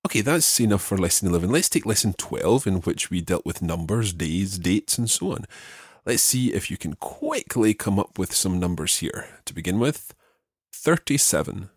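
A man with a low, slightly husky voice teaches a podcast language lesson. His pitch moves a great deal as he patiently repeats phrases slowly for listeners. The sound is dry and close. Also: very animated, no echo.

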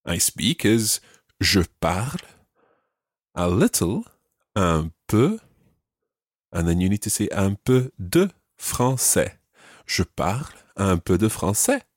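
A man teaching a podcast language lesson, patiently repeating each phrase slowly for learners. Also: deep voice, big pitch swings, no echo, clean studio sound.

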